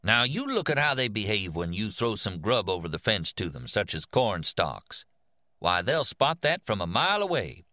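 An elderly, kindly teaching machine drawls in a slow, folksy Kansas manner, as a man reads him aloud. The voice rises well above the reader's own low register and takes its time, friendly and unhurried. It sounds dry and close, with no room around it. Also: very animated, bright, forceful tone, no echo. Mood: folksy musing. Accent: put-on Kansas. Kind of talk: audiobook character voice.

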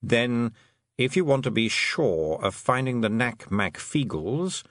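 A man's voice: mid-range voice, sing-song, slow pace, fairly bright tone, no room sound, clean studio sound. A man reading an audiobook, voicing a glum, cautious talking toad that hesitates and sounds mournful.

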